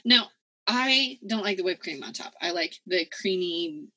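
Lively, bright-voiced woman chatting. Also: fairly low pitch, a little slow, no echo. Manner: animated, swears a lot, laughs often. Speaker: podcast co-host. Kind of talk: casual chat.

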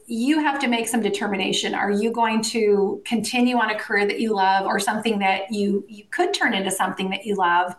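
A woman guest telling stories in a casual interview, animated, laughing often and acting out the voices of people she quotes. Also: mid-range voice. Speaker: guest, industry co-founder. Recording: roomy echo.

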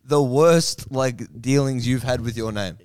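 A man's voice: medium pitch, measured pace, a little mellow, clean tone, no echo, studio quality. A man on a casual podcast who drops wry one-liners and asks probing questions. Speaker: podcast co-host.

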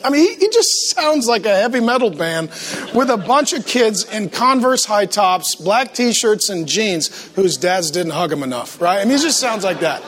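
A man's voice: high-pitched, normal speed. A man preaching a humorous sermon to a church congregation, playfully acting out the voices he quotes. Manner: animated, talks to the congregation.

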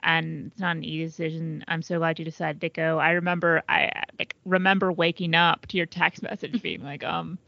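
Gravelly low-voiced woman on a podcast. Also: a little fast, few pauses, dull audio. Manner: supportive, animated storytelling with swearing and laughs. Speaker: podcast co-host. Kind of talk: casual chat.

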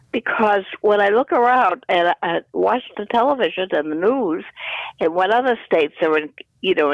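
A hoarse man talks in a rambling, hesitant way, full of restarts. His voice is high for a man and comes through a dull, muffled phone line. The sound is dry, with no room echo. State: hoarse morning voice.

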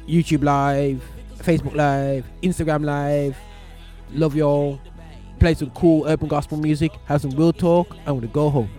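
A man's voice: a little high, steady tone, a little fast, warm tone, soft background music. A man in his forties hosting a casual radio show from a small studio, talking in a loose, rambling way with slang.

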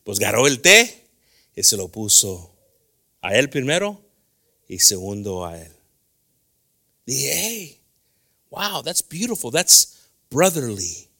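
Animated middle-aged pastor preaching. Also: male voice, mid-range voice, unhurried, long pauses. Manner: animated, switches between English and Spanish, acts out dialogue. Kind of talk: bilingual sermon. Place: church sanctuary.

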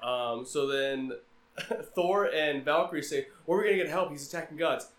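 Male podcast host, higher-pitched, animated retelling, roomy echo. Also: normal speed. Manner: animated retelling, acting out character lines with laughs. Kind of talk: casual movie recap chat.

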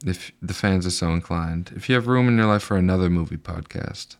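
A man co-hosting a podcast, chatting casually about movies in a joking, animated way with some swearing. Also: deep voice, a little fast. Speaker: podcast co-host.

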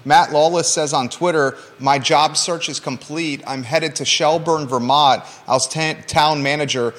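A man's voice: fairly high pitch, steady tone, measured pace, fairly bright tone, long reverb tail. Man hosting a teasing talk show. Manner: playful, teasing banter with repeated questions. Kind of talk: local radio talk show.

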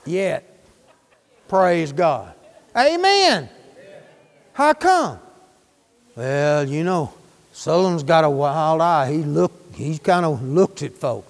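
A man's voice: on the high side, big pitch swings, slow pace, gravelly, long reverb tail. A man preaching a sermon, fervent and folksy, firing questions at his congregation.

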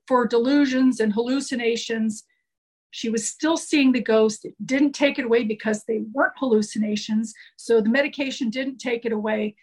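A woman with a high voice recounts her experiences as a nurse in an earnest, heartfelt way. She talks conversationally and often stops to restart a sentence. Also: low-quality recording. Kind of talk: conversational storytelling.

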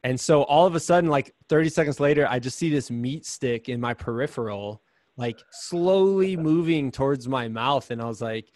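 Man guest, chatty storyteller, dry close sound, mid pitch. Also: normal speed, dry recording. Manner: chatty, animated, lots of "like". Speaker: podcast guest, runner. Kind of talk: casual storytelling.

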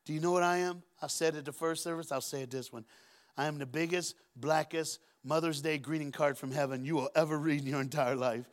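Male preacher, slightly high voice, lively storytelling, church sermon. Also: a little fast. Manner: animated storytelling, acts out Bible voices with humor. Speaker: guest preacher. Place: church auditorium.

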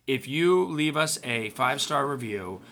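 Male podcast co-host with a bright edge, casual joking delivery, light noise behind. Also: medium pitch, expressive, unhurried. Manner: wry, profane, joking.

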